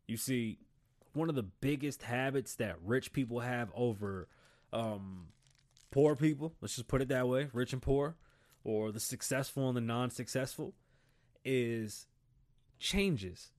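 A man's voice: medium pitch, unhurried, a little mellow. A middle-aged man hosting his own show, giving a casual, blunt motivational talk and swearing freely. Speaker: show host.

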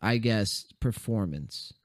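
A young man hosts a loose podcast chat, rambling and swearing with plenty of fillers. His voice is wearing thin and hoarse. He sounds close and dry, with no room around him. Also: fairly low pitch, animated, takes it slowly, no room sound. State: losing his voice. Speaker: podcast host.

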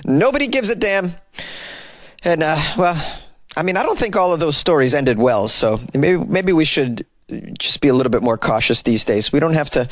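A man's voice: a bit bright, no room sound. Sarcastic man riffing on odd news. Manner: sarcastic and wry, with sudden incredulous jumps in pitch. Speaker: comedy news commentator. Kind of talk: comic news commentary, reading headlines aloud.

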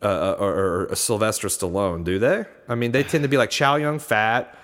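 A man's voice: fairly low pitch, normal speed, fairly bright tone. Rambling man in a reverberant room. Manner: rambling, filler-heavy with frequent restarts. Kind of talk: casual chat.

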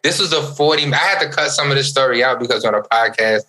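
A man's voice: quick pace, poor audio. A young man co-hosting a podcast, telling a story in casual chat and acting out the voices he quotes. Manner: animated storyteller, acts out quotes with big pitch jumps. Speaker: podcast co-host.

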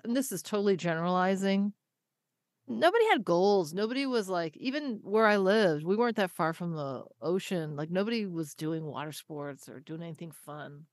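A woman's voice: fairly low pitch, dry recording, clean studio sound. A woman hosting a podcast, chatting casually and telling stories with a teasing humor. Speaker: podcast host. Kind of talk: casual chat.

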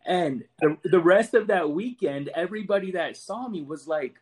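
A man's voice: high voice, moderate pace. A man in his forties, a Marine veteran guest, earnestly telling a personal story and often repeating words as he goes. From United States.

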